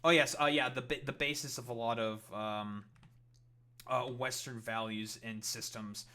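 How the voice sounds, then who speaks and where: A man's voice: medium pitch, fairly even intonation, unhurried, bright, forceful tone. A man ranting in a reaction commentary, profane and rambling with many fillers.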